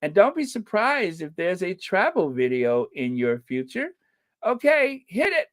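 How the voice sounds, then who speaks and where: Slow, animated middle-aged channel host. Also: medium pitch. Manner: playful, mock outrage, animated. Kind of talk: casual livestream chat.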